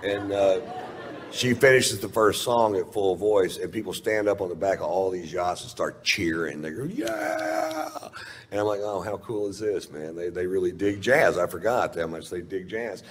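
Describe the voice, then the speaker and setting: A man's voice: deep voice, normal speed. A man doing stand-up storytelling on stage, laid-back and profane. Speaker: stand-up comedian. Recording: reverberant live hall, faint hiss.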